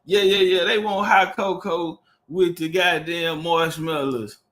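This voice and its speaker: A man's voice: sits high, fairly even intonation, a little slow, fairly bright tone, soft background music. A man hosting a livestream, talking loosely and profanely and repeating words as he searches for the next one. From Texas. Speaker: livestream host. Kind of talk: casual livestream talk.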